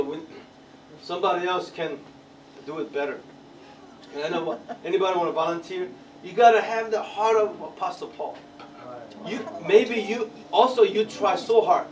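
A man preaching to a congregation in an interactive sermon, teasing and laughing as he calls on people to answer. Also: high voice. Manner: playful, teasing, laughs often, calls for responses. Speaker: pastor leading Bible study. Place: church hall with congregation. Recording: echoey room, from far off, crowd.

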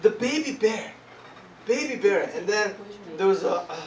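A man preaching a sermon, animated and laughing as he tells a story, pausing often to search for words. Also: sits high, a crowd in the background. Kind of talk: sermon with live interpreting. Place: church hall. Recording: echoey hall, distant mic, congregation.

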